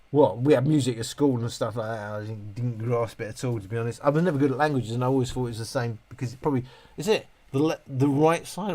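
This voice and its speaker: With a mid-range, darkish voice, a middle-aged man runs a casual live stream. He reads comments from viewers and answers at rambling length, full of self-interruptions and restarts.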